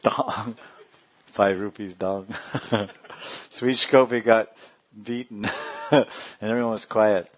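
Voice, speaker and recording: A man's voice: lowish voice, steady tone, unhurried. A man giving a playful storytelling religious talk, laughing often and acting out characters. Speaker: religious teacher.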